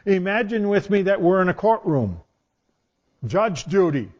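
A male preacher talks through a sermon like a storyteller, loose and conversational. His voice sits a little high for a man. The recording is dull and lo-fi. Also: very animated, measured pace, darkish tone. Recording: dull lo-fi sound.

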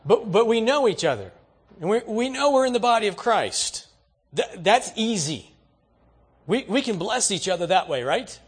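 Male pastor, husky tone, leans high, folksy storytelling sermon. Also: sing-song, normal speed.

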